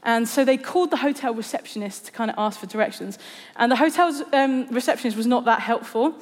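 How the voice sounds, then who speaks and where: A woman's voice: on the high side, brisk. A woman preaching a conversational sermon, telling stories with a humorous, self-deprecating touch. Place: church hall. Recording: long reverb of a large hall.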